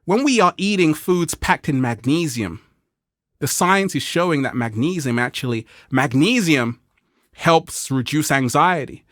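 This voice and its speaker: An unhurried motivational vlog host chats playfully and animatedly with his viewers, laughing often and acting out quoted figures in a high voice. The studio sound is clean, with no room sound.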